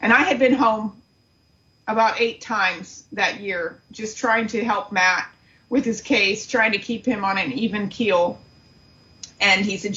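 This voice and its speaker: A middle-aged woman, a guest on a talk show, telling a painful story in an earnest, halting way. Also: mid-range voice, fairly even intonation, sharp tone, muffled recording. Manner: earnest, grief-stricken, halting. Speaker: guest, aunt of the subject. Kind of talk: emotional interview storytelling.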